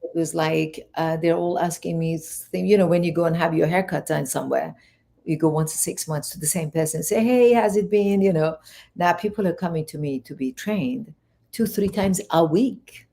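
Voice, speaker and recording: Low, gravelly woman from Iran. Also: moderate pace. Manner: rambling, animated retelling with many restarts. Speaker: guest, fitness and wellness coach. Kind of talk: storytelling in an interview.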